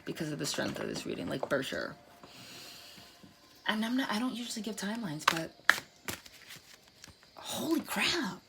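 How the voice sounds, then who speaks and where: A woman giving a casual tarot reading to camera, excitable and swearing, breaking into exclamations. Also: mid-range voice, a little fast, gravelly, pauses often, heavy background noise. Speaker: tarot reader.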